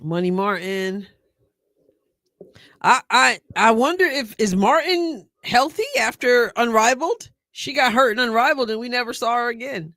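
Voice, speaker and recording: Bright-voiced woman hosting a chatty live stream. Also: on the high side, moderate pace, no room sound. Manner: chatty and excitable, thinking aloud and talking to chat viewers. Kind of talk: casual live commentary reacting to a sports draft.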